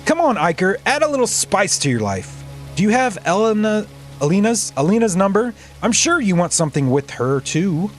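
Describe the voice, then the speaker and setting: A man's voice: sits high, big pitch swings, moderate pace, soft background music, pitched above the performer's own voice. A man voicing a smug, flirtatious middle-aged male guest in a game, with a teasing manner.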